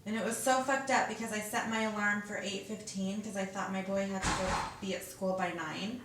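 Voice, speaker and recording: A woman's voice: mid-range voice, steady tone, brisk, noisy background. A woman who runs an escort agency, talking candidly and casually on camera for a documentary, swearing freely as she tells her stories. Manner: casual, profane storytelling. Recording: roomy sound with music behind. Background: music.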